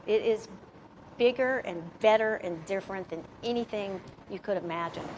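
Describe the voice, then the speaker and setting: A woman's voice: fairly low pitch, noisy background. A woman giving a candid, plain-spoken personal recovery testimony to a live audience at a jail. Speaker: recovery speaker.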